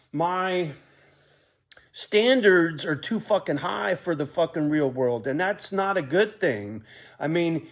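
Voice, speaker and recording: Profane middle-aged man vlogging. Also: sits high. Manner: profane, rambling, self-reflective, often ending lines with a muttered "right?". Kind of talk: casual monologue vlog.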